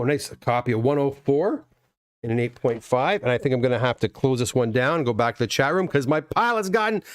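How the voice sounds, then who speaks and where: A man's voice: a little high, no room sound. A middle-aged man from Canada hosting a casual live stream, chatting in a rambling way and reading comments aloud. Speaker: livestream host unboxing graded comics.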